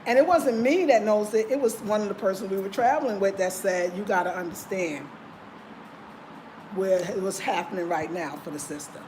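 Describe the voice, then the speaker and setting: American woman on a livestream, heartfelt, chatting with her viewers, mid-pitch voice. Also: normal speed, a little mellow, a little hiss or hum, poor audio. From United States. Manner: earnest and heartfelt, addressing viewers directly. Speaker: livestream host. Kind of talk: casual livestream chat, reading viewer comments. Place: indoors in Ghana.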